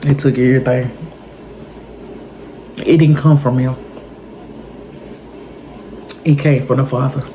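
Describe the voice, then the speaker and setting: Low-voiced woman telling a story. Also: fairly even intonation, takes it slowly, pauses often, noisy background. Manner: emotional, repetitive, intense retelling. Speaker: vlogger. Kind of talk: story time monologue.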